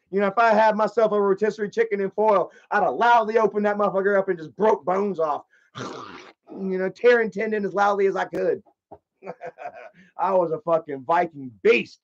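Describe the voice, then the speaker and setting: A man streaming live, telling a story in a casual, rambling way, with lots of profanity and animated energy. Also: sits high, moderate pace. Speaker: livestreamer. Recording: slightly dull lo-fi stream audio.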